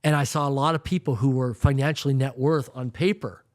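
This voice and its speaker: A man's voice: medium pitch, fairly even intonation, brisk, dry recording, clean studio sound. A man in his fifties from Canada, a guest telling stories in an emphatic way, repeating words and acting out quoted voices. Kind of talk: storytelling interview talk.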